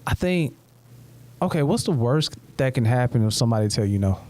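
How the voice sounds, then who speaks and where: A man co-hosting a podcast, telling animated stories. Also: mid-range voice, a little fast. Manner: animated storytelling, laughs often. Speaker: podcast co-host. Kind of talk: casual chat.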